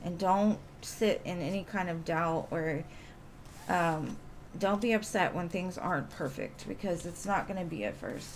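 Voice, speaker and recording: A woman's voice: on the low side, unhurried, slight background noise. A woman doing live tarot readings, talking in a chatty, reassuring way with lots of casual fillers. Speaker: tarot reader.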